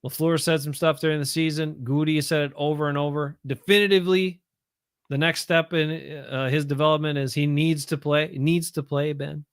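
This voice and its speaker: A man co-hosting a casual sports podcast, easygoing and quick to agree, giving short replies. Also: on the high side, fairly even intonation, clear, resonant tone, dry recording, studio quality. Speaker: podcast co-host. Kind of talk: casual chat.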